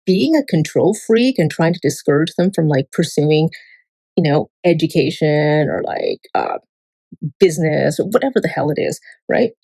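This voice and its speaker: A woman's voice: deep voice, big pitch swings, moderate pace, vocal fry, dark tone, breathy edge, dry recording, rough recording. A woman vlogger talking in a casual, rambling monologue, full of fillers and freely swearing. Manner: filler-heavy, digressive.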